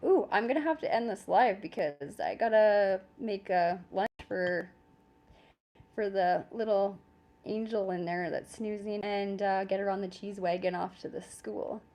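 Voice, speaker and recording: A woman's voice: medium pitch, a little slow, a little mellow. A woman with a Canadian accent hosts a casual live stream from home and talks straight into her phone. She chats easily and pokes fun at herself, with frequent laughs and the odd swear word. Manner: chatty and self-deprecating, laughs often, swears casually. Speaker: livestream host.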